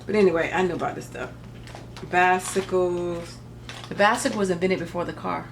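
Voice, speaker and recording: A woman's voice: on the low side, moderate pace, vocal fry, a little hiss or hum. A middle-aged woman chatting casually through a craft paper haul, rambling with joking asides. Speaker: crafting vlogger. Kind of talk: casual haul show-and-tell.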